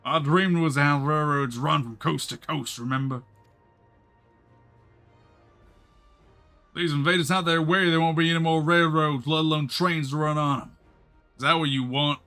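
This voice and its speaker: A man reading game dialogue aloud in a folksy drawl, voicing a gruff, determined railway chief. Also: a little high, bright, forceful tone. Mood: rousing.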